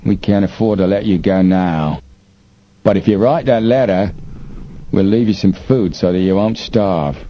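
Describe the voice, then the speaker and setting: A man putting on a sour, menacing smuggler boss. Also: low voice. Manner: slow, sour, menacing delivery. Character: menacing male smuggler chief, sour and threatening. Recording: dull lo-fi recording, faint hiss.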